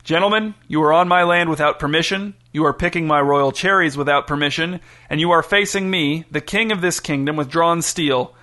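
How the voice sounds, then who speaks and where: A man's voice: on the high side, a little fast, hardly any pauses, pushed and bright. A man voicing a proud, touchy king who grows indignant and commanding in a storybook reading. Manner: pompous, raises his voice in anger.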